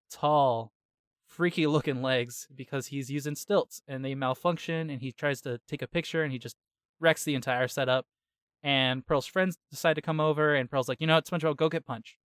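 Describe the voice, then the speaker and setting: A man hosting a laid-back podcast chat. His voice is smooth and resonant, and it sits in a middling range. He retells the story in a lively, slangy way and keeps tossing in quick asides, and the recording is close and dry. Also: medium pitch, no echo. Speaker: podcast host. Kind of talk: casual chat, episode recap.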